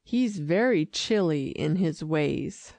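A folksy, gossipy old male dog, as a woman reads him aloud, low and slow with a gravelly texture. The sound is close and dry. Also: expressive, darkish tone, no room sound, exaggerated voice. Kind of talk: audiobook reading.

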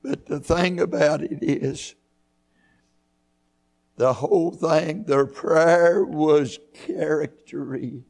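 A man preaching a church sermon, fervent, rising to loud high peaks and throwing in hallelujahs. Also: slow, gravelly. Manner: punctuates with hallelujahs and amens. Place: church sanctuary.

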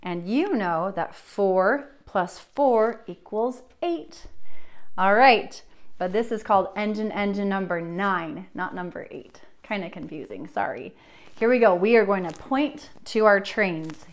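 A woman's voice: mid-range voice, expressive. A young woman teaching a children's music class, encouraging and sing-song, drawing her words out for little kids. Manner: bright, encouraging, slow and drawn out for young children.

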